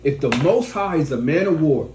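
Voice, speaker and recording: A man's voice: on the high side, lively intonation, moderate pace, a little mellow. Blunt, profane man preaching. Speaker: teacher of a study group. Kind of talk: preaching to a class. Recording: echoey room, faint background noise.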